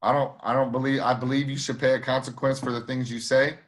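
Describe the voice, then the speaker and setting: A man co-hosting a podcast talks emphatically in casual chat, swearing a lot, restarting sentences, and repeating himself. His voice is mid-range, delivered flatly at a quick pace.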